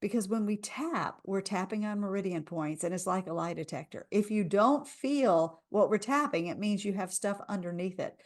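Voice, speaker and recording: A woman's voice: medium pitch, normal speed, few pauses. A woman coaching a live tapping session, speaking soothing lines for listeners to repeat. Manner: soothing, leads repeat-after-me affirmations.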